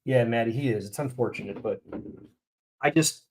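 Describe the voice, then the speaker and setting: A man's voice: medium pitch, normal speed, darkish tone. Brief: man in a mid-range voice, blunt and fired up, casual live-stream host who rants.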